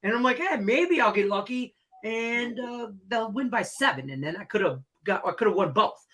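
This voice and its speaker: A man's voice: sits high, expressive, normal speed, pushed and bright. A man co-hosting a sports betting chat, telling a rambling story with casual swearing. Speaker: co-host.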